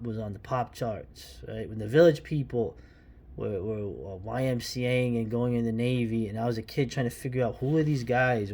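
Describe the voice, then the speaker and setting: A mellow, mid-range male voice belongs to a comic book reviewer, a fifty-something New Yorker flipping through an old comic. His talk is loose and opinionated, wandering off into asides and frequently starting over.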